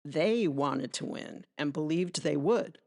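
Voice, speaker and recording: A woman's voice: deep voice, expressive, takes it slowly, gravelly, darkish tone. A woman hosting a podcast, reading a scripted sports monologue in a conversational, emphatic way with asides to the listener. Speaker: podcast host.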